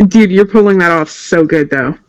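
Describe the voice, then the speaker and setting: A woman's voice: fairly low pitch, normal speed, dull audio. A woman from Canada playing a tabletop game, giggly and self-conscious. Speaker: player. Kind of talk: casual tabletop play.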